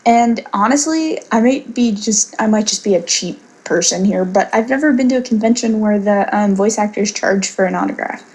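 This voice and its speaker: A woman's voice: medium pitch, moderate pace, hardly any pauses, a little mellow. A young woman co-hosting a casual podcast, chatting loosely and laughing sheepishly. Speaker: podcast co-host. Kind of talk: casual chat.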